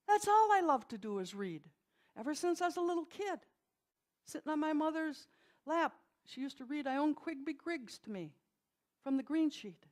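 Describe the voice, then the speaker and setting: An older woman minister delivers a sermon in a notably high voice. She talks in a folksy, storytelling way and slips in dry, wry humor. She is from Milwaukee and preaches in a church. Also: expressive, normal speed, darkish tone. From Milwaukee, USA.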